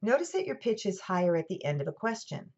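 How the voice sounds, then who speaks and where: A woman with a General American accent, giving a scripted lecture in a clear, measured way with dry asides. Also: mid-range voice, big pitch swings, a little mellow. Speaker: college lecturer. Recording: dull lo-fi recording.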